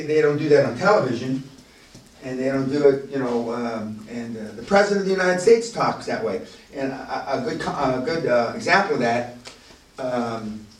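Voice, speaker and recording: A man leading a business seminar, talking bluntly and profanely and building to loud, emphatic bursts. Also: mid-range voice. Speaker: seminar leader. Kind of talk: profane motivational seminar talk. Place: castle seminar room. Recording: echoey room, voice from far off.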